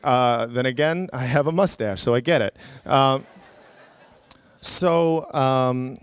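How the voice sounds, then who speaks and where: A man's voice: medium pitch, slow, clear, resonant tone, no room sound. A comedian telling a story live, chatty and self-mocking, with frequent fillers and laughs at his own jokes.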